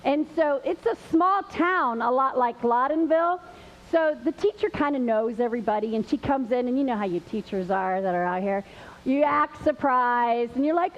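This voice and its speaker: A woman's voice: high-pitched, moderate pace. A woman hosting a live church show, chatty and laughing, a little nervous as she tells a story. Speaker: host. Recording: dull lo-fi with faint hiss.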